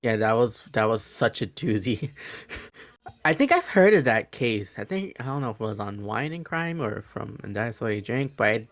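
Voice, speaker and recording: A man co-hosting a podcast who tells a case in casual chat, halting often with fillers and restarts. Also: medium pitch, animated, no room sound. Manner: hesitant, many fillers and restarts. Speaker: podcast co-host.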